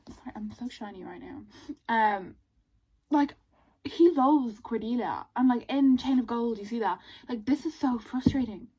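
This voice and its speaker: A woman chatting casually in a book vlog, excitable and gushing, with exasperated asides. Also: fairly high pitch, moderate pace, breathy edge, poor audio. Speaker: book vlogger.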